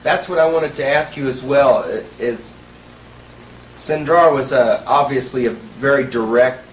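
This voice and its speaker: A male interviewer asks halting, self-correcting questions. He sits well back from the mic, and the room's echo carries his voice. A faint hiss runs underneath. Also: mid-range voice, recorded from a distance. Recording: echoey, from across the room.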